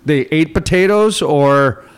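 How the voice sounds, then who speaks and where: A male talk radio host chatting in a loose, rambling way. His voice sits a little high for a man, and he keeps slipping puns into the conversation. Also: slow pace, clean tone. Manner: joking, punning, rambling with fillers. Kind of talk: casual talk radio banter.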